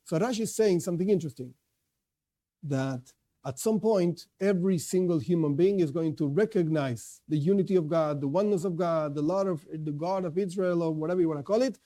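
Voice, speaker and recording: High, bright-voiced man teaching a religious class. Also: fairly quick. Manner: conversational, restarts often, asks and answers his own questions. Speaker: Jewish teacher. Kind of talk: informal Torah class.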